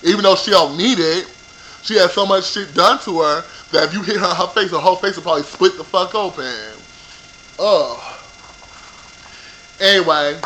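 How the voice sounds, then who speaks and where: A man recapping a reality TV episode for his viewers in a profane, animated rant, talking straight to them. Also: sits high, normal speed, long pauses, a little hiss or hum, poor audio. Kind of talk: ranting show recap.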